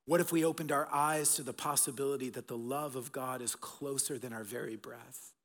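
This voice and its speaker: A middle-aged man preaching an Easter sermon as pastor, swinging between loud emphatic bursts and soft, hushed passages. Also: medium pitch, fairly even intonation, fairly quick. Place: church auditorium. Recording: long reverb of a large hall.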